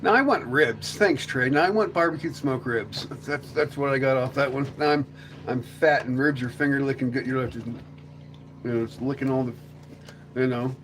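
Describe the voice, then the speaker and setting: Hosting a casual livestream chat, a man rambles and jokes, often slipping into silly voices. He has a medium-pitched, fairly bright voice at a moderate pace, with slight background noise.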